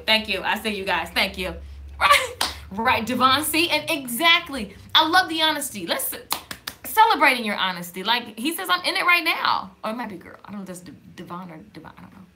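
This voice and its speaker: A woman hosts a faith-based live stream straight to camera. Her voice sits high and rings bright. She talks in a lively, casual way and stops to greet viewers in the comments. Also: a little hiss or hum. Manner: lively and conversational, reading viewer comments aloud. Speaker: livestream host. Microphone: camera in front of her.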